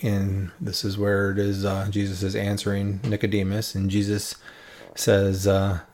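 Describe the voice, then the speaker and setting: This teacher goes through Scripture one passage at a time, his fairly low voice monotone and darkish. He's casual and chatty, frequently checking in with a brisk "right?" to keep his audience following, with slight noise in the background.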